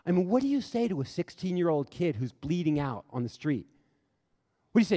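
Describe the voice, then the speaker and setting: Speaking fast with lively intonation, a middle-aged humanist chaplain gives a fervent talk to an audience in a large hall. His voice sits on the high side and sounds mellow, and he tells stories earnestly, repeating phrases for emphasis. The sound carries a long hall reverb.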